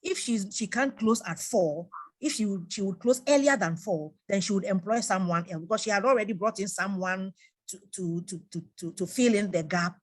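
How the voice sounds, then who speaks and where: A middle-aged woman, giving religious advice to a gathering through an animated story, repeating phrases for emphasis. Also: medium pitch, moderate pace. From Ghana. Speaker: guest speaker.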